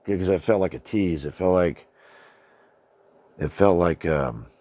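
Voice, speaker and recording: Casting: middle-aged man, deep and mellow, loose rambling storyteller who swears a lot. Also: unhurried. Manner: rambling, colloquial, swears freely, says "man" often. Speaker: channel host. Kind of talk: casual storytelling monologue.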